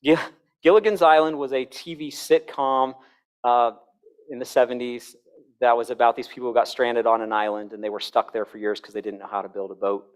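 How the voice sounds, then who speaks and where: A man's voice: mid-range voice, fairly even intonation, fairly quick, clear, resonant tone. Humorous middle-aged man lecturing. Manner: conversational, humorous lecturing with self-deprecating asides; demonstrates tones of voice and sings examples aloud. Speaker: conference speaker. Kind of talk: Christian worldview conference talk.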